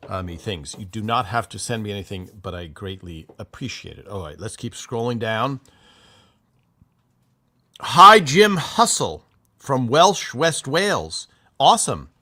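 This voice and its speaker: A man's voice: mid-range voice, pushed and bright. Chatty man hosting a livestream. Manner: rambling, chatty, with many fillers and restarts. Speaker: livestream host. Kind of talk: casual live-stream chat, reading viewer comments.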